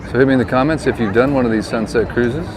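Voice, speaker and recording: A man's voice: medium pitch, fast. A man chatting casually as he walks and films a seaside town, giving friendly tips like a tour guide. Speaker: vlogger and real estate agent. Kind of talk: casual walking vlog narration. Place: outdoors by a harbor and town street. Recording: outdoor street noise.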